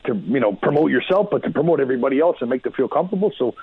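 A man calling into a radio show as a guest and telling animated stories about his hockey career, often acting out what he and others said. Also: mid-range voice, very fast, husky, no room sound. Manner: animated, quotes himself often. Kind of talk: casual storytelling. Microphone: phone call. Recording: tinny dry phone line.

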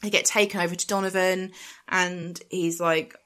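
Chatty woman with a lowish voice. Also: normal speed. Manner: animated storytelling with acted quotes and laughter. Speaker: podcast co-host. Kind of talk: casual chat recapping a film.

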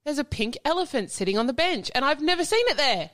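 Animated woman co-host, high voice. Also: fast talker. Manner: animated, laughing storyteller. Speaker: podcast co-host. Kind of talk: casual chat.

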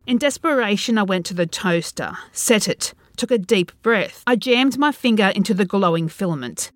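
A woman reads a first-person horror story aloud in a tense, dread-filled way. Her pitch moves a lot as she tells it. The recording is dry and close, with no room sound. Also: expressive, moderate pace, dry recording. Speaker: narrator.

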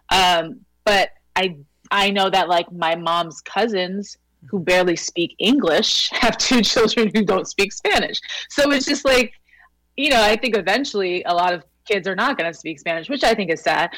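Chatty New York Latina woman, lowish, dry. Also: a bit bright, dry recording, poor audio. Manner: chatty, laughs often, many likes and you-knows. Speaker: actress guest. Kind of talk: casual podcast conversation.

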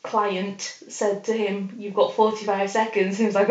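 A woman's voice: medium pitch, little pitch movement, moderate pace, hardly any pauses, roomy sound, muffled recording. A woman co-hosting a casual chat, enthusiastic and often laughing. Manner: giggly, enthusiastic. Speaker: podcast co-host.

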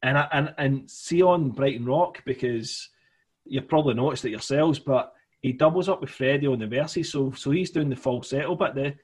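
Husky man rambling about music. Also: medium pitch, moderate pace. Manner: rambling, many fillers and restarts. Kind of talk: casual music chat.

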